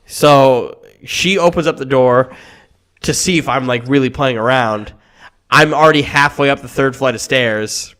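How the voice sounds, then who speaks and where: A man's voice: medium pitch, moderate pace. A man co-hosting a casual sports podcast, telling a story with lots of swearing and acted-out quotes. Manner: animated storyteller who acts out quoted voices, swears freely. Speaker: podcast co-host.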